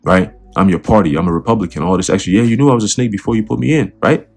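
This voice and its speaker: A man's voice: fairly low pitch, very fast, gravelly, a little mellow. A man putting on the voice of a smug, dismissive male politician, scornful and mocking. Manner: mocking, brushing off complaints.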